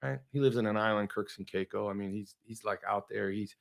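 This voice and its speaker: A man's voice: fairly low pitch, a little fast, gravelly. A man hosting a show, telling a story with energy and acting out both sides of quoted conversations. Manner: animated storyteller, acts out quoted dialogue. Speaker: host.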